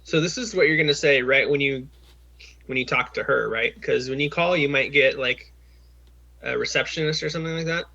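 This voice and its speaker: A man coaching a job seeker over a video call, with a bright, forceful voice at an average pitch. He is patient and encouraging and full of ums and restarts. The audio is dull and lo-fi, like a compressed call. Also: a little fast, vocal fry, breathy edge.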